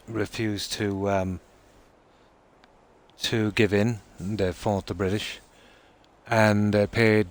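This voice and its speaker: Irish man, live streamer, deep low voice, unhurried, chatty, answers viewer comments. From Ireland. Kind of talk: casual live-stream chat.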